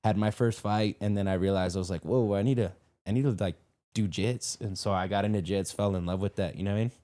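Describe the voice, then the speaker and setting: A fighter sits in on a podcast and talks easily, a man with a somewhat low voice. He tells stories loosely, full of slang and swearing. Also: steady tone, fast talker, mellow. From El Paso area. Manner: laid-back storytelling, slangy and profane. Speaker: MMA fighter guest. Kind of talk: casual podcast chat.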